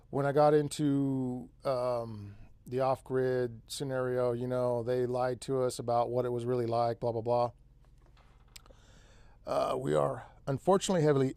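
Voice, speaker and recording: He has a medium-pitched, slightly mellow voice and there's no echo on the recording. As host of an off-grid live stream, this central Californian-accented man rambles in a laid-back way, peppering his talk with "man" and "dude."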